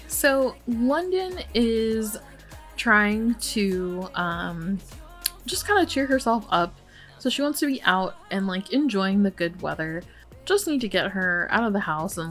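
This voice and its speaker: A woman hosting a game let's play, commenting casually and sympathetically, with many fillers. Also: medium pitch.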